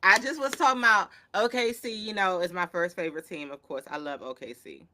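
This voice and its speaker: A woman hosting a casual sports show, reacting with excitable, slangy chatter. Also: on the low side, brisk. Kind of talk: casual sports commentary chat.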